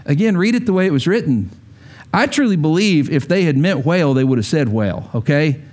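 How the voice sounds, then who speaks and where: A man preaching with a high, lively voice that swoops up and down. He tells stories in an animated way and gives voices to the people in them. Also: a little fast. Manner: animated storytelling with acted quotes. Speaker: pastor. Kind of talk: sermon.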